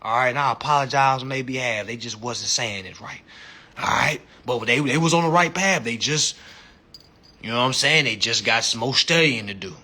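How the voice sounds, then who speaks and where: Forceful, husky man chatting on a livestream. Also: medium pitch, normal speed. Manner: animated, profane, laughs often; slangy, repeats "you know what I'm saying". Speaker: livestream host. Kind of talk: casual livestream chat.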